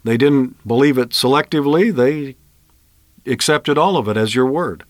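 A man's voice: medium pitch, moderate pace, no echo. A man giving an earnest, emphatic Bible sermon on the radio, often asking rhetorical questions. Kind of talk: broadcast sermon.

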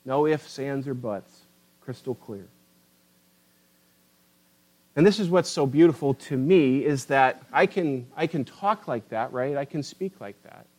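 A man's voice: mid-range voice, animated, a little slow, pauses often, a little mellow, rough recording. A man preaching a sermon with impassioned, rising and falling emphasis, addressing listeners as beloved.

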